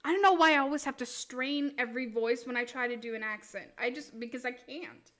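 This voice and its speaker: Woman streamer, high bright voice, unhurried, giggly and self-mocking. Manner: giggly, self-mocking, keeps trying silly accents. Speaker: live streamer doing tarot readings. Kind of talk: casual live-stream chat.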